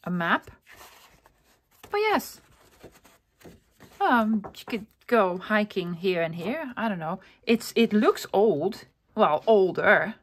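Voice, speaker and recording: A woman's voice: medium pitch, sing-song, slow pace, long pauses. Chatty, enthusiastic woman vlogger. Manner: enthusiastic, rambling, with many fillers and self-corrections. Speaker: vlogger showing a thrift haul. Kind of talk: casual chatty show-and-tell.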